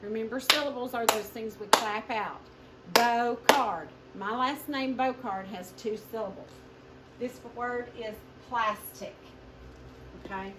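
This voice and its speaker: Teacher woman in an echoey classroom. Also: a little high. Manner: slow, drawn-out modeling of sounds, addresses students as guys. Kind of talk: phonics lesson at a whiteboard. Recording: echoey room, mic at a distance, noisy with hum.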